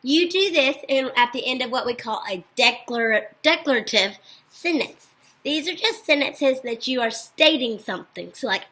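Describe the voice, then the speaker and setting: Encouraging high-voiced woman teaching young children. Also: lively intonation, pushed and bright, rough recording. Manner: slow, clear and encouraging, praising often. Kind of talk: recorded phonics lesson for young children.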